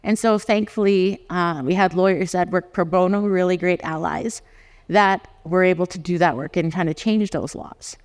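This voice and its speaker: Animated lawyer in an echoing hall. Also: medium pitch, normal speed. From Canada. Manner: animated storyteller who acts out dialogues and often laughs. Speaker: lawyer giving a conference talk. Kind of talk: conference talk with personal stories. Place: conference hall. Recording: long hall reverb.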